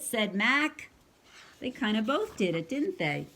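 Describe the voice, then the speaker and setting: Playful mom reading a picture book. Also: female voice, high voice, big pitch swings, takes it slowly, a bit bright, slight background noise. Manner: chatty asides, playful hiccup noises. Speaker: parent reading aloud to a child. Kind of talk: casual storybook read-aloud.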